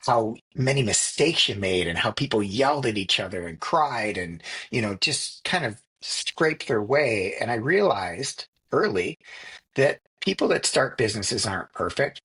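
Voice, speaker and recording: A middle-aged man co-hosting a podcast, telling stories in a relaxed, reflective way with frequent restarts. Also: medium pitch, breathy edge. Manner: reflective storytelling with many restarts and fillers. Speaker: podcast co-host. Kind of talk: casual conversation.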